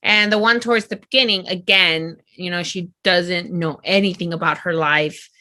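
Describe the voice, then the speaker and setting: A woman co-hosting a book podcast, retelling her reactions in an animated way with lots of "like". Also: lowish voice, normal speed, no echo. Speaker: podcast co-host. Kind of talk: casual book review chat.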